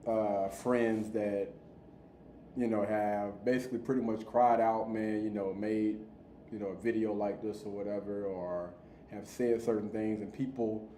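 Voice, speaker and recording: A man hosts a casual reaction podcast. He talks loose and slangy, doubling back on his words. His voice is mellow, and his room echoes around him. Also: mid-range voice, slight background noise. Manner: laid-back, slangy, repeats himself. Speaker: podcast host reacting to videos. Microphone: streaming mic.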